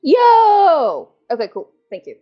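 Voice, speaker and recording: A woman's voice: on the high side, lively intonation, moderate pace, soft background music. Playful woman player, muffled sound. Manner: laughs often, playful. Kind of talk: casual tabletop play.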